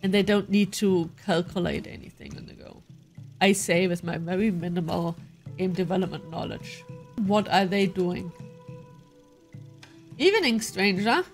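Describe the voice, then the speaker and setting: A woman's voice: fairly low pitch, steady tone, moderate pace, a little mellow, faint music behind. A woman playing a story game, reading its narration aloud and adding chatty asides of her own. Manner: chatty asides between read-out passages. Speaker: game player. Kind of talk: let's play commentary, reading game text aloud.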